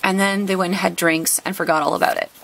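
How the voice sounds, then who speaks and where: A woman hosting a casual card-opening video. She is excitable, gushing over cards and gasping often. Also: lowish voice, quick pace, vocal fry. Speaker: trading card collector and video host.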